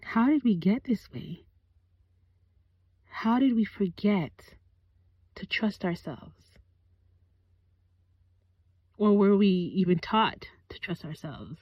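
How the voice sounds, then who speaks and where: A woman's voice: mid-range voice, animated, slow pace, long pauses, husky, dry recording. A woman hosting a podcast, talking in a casual, reflective monologue and often asking the listener direct questions. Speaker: podcast host. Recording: dull lo-fi recording.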